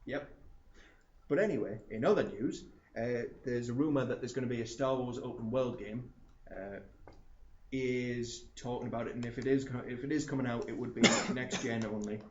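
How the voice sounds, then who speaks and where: A man co-hosting a casual gaming podcast, animated and swearing freely. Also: medium pitch, moderate pace. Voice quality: animated, swears freely, acts out silly voices. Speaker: podcast co-host. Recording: echoey room, dull lo-fi sound, faint hiss.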